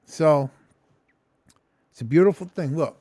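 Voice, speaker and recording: A man's voice: on the high side, measured pace, mellow, no echo, clean studio sound. A man talking casually in a rambling, profane vlog at home. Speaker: vlogger. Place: home kitchen.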